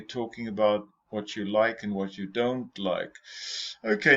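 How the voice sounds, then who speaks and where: Lowish in pitch yet a bit bright, a man's voice leads an English classroom lesson on exam tips. He patiently repeats example sentences and questions for the students, heard through a dull, lo-fi lecture recording.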